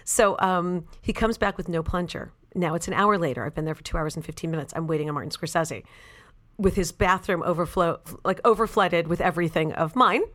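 Chatty woman telling a story, slightly low voice. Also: a little fast. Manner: animated and chatty, many "like" and "you know" fillers. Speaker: actress and author, interview guest. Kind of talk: casual anecdotal storytelling.

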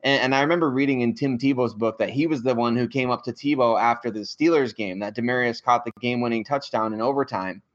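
A man who covers the team, talking on a sports podcast in casual chat, halting and full of filler words. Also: medium pitch, lo-fi sound. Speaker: podcast guest and team reporter.

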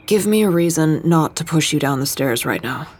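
A woman's voice: sits low, animated, moderate pace, darkish tone, breathy edge, exaggerated voice. A woman reading the part of a groggy, sarcastic young man just woken up. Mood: grumpy. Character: grumpy sleepy young man, Kevin.

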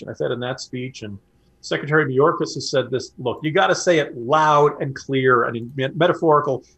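His voice sits at medium pitch, a touch bright with a breathy edge. As co-host of a political podcast, he chats through commentary, stressing his points forcefully and saying them again to drive them in.

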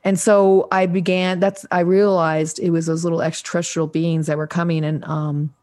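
A woman in her sixties, a guest on a podcast, telling a story in a casual, animated way and acting out quoted voices. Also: on the low side, moderate pace. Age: 60s. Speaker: guest, Ouija board historian.

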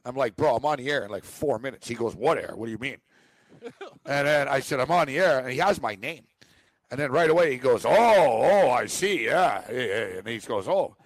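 A man's voice: medium pitch, fairly quick, dry recording. A man co-hosting a sports talk show, telling a long rambling story and acting out a phone call. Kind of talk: casual chat.

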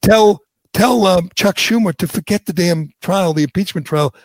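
A man's voice: high voice, moderate pace, no echo. A man hosting a talk radio show, blunt and heated, often repeating himself as he argues his point. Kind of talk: opinionated talk radio chat.

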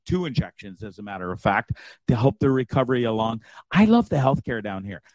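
A man's voice: medium pitch, big pitch swings, a little fast, darkish tone, dry recording. A man from Canada hosting a casual show, crude, joking and self-deprecating. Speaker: show host. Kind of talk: casual livestream chat.

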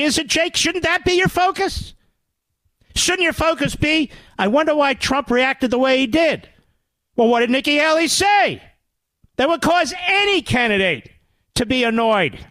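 Animated, combative radio host man. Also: very high-pitched, dry recording. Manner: sarcastic, indignant, rising to loud rhetorical questions. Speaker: radio talk show host. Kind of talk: combative political commentary.

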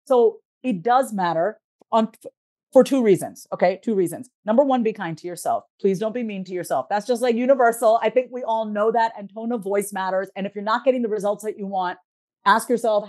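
A woman therapist and life coach talks as a podcast guest, direct and emphatic in a motivational way. Her voice sits in a middle pitch range. The recording is dry, with no room sound. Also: fairly quick, a little mellow, no echo. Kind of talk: podcast interview talk.

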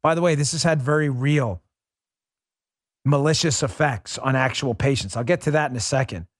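A man's voice: medium pitch, moderate pace, no echo, clean studio sound. Emphatic, sarcastic male political podcast host. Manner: emphatic, sarcastic, rambling asides. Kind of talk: conservative political commentary with host-read ad.

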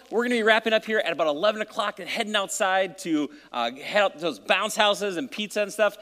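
A high-pitched male pastor gives a casual, joking sermon to his church. His voice rings through a church sanctuary with a long hall reverb. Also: sharp tone. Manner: casual and joking, then reading scripture and praying.

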